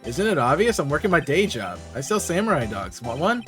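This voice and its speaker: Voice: mid-range voice, sing-song, brisk, fairly bright tone, soft background music. A streamer voicing a goofy, lovestruck young man who talks in laid-back slang.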